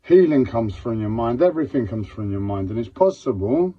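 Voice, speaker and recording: A man with a husky, slightly rough voice talks unscripted on a live stream. He sounds pained and distressed, repeating himself and swearing heavily. The audio is dull and lo-fi. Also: medium pitch, lively intonation, a little fast. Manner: raw, repetitive, swearing heavily. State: in physical pain and distressed.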